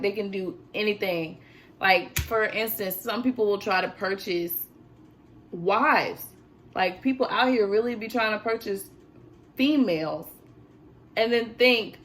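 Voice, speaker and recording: A teenage woman vlogging in an animated, chatty storytelling manner. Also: mid-range voice. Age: teens. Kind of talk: casual chat.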